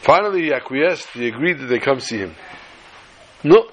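A man telling a story to a class in a lively way, repeating phrases and mixing in Yiddish and Hebrew terms. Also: medium pitch, moderate pace, slight background noise, low-quality recording.

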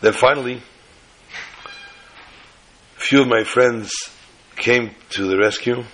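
A man's voice: medium pitch, slow pace, fairly bright tone. A man voicing a confiding Jewish man. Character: emotional grown Jewish man confessing his past.

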